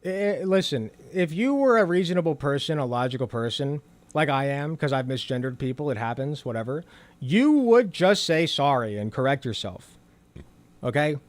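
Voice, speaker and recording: A man's voice: on the high side, animated, moderate pace, dry recording. A man hosting a reaction commentary, sarcastic and profane, with a mocking edge. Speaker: host.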